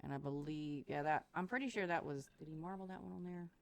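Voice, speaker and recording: A woman's voice: deep voice, fast, vocal fry. A woman, co-hosting a podcast in casual chat, rambling and laughing often. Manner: chatty, rambling storyteller who laughs often. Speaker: podcast co-host.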